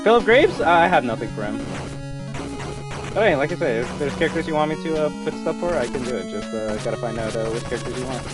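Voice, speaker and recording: A young man live-streaming a fighting game, chatting casually with viewers, excitable and swearing often. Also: mid-range voice, quick pace, distant mic. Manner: excitable, swears often, reads chat aloud. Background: game music.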